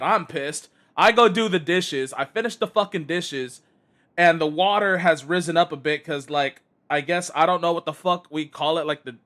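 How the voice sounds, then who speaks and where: Brief: male streamer, high bright voice, exasperated cursing rant while gaming. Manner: exasperated, heavy swearing.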